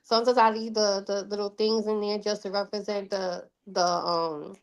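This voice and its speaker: A woman with a strong Brooklyn New York accent, speaking as a podcast guest. She talks openly in loose slang and laughs often. Her pitch sits in an ordinary middle range. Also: little pitch movement, moderate pace. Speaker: guest musician. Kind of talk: casual podcast interview.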